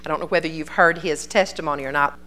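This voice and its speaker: A woman's voice: low voice, fairly even intonation, fast, bright, forceful tone. Older woman preacher, folksy and earnest, telling stories in a conversational sermon.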